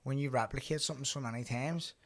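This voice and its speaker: A man's voice: mid-range voice, fast talker. A young man, a boxer hosting a casual podcast chat, laid-back and swearing freely as he tells stories. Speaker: podcast host and pro boxer.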